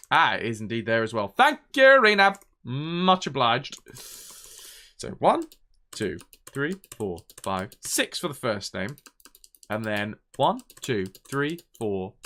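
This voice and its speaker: A man chatting through a live game stream, his pitch bouncing around animatedly as he talks things through. His tone is bright and forward, and he keeps up a loose, chatty flow, thinking aloud and answering viewers. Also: big pitch swings, takes it slowly, pauses often. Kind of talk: casual live-stream chat.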